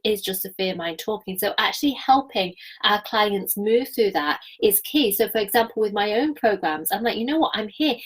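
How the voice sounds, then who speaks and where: A woman, giving a live-streamed coaching talk in an energetic, chatty way and laughing often. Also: medium pitch, breathy edge, low-quality recording. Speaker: business coach.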